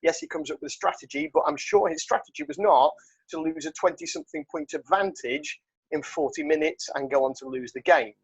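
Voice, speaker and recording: A man's voice: on the high side, animated, fairly quick, creaky, slightly rough. A man hosting a podcast in casual banter, rambling with many ums and restarts. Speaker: podcast host. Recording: dull lo-fi sound.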